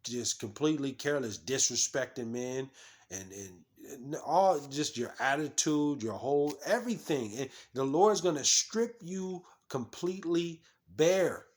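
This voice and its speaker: A man's voice: fairly high pitch, animated, unhurried. A man preaching, reading scripture and commenting on it in a scolding, repetitive way, stumbling over restarts and fillers.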